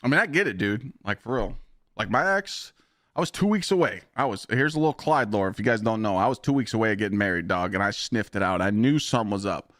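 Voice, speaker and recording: A man's voice: fairly low pitch, fast, no room sound, clean studio sound. Profane, blunt male streamer. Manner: profane, blunt, animated storyteller who talks to chat. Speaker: game streamer. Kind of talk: casual live-stream storytelling.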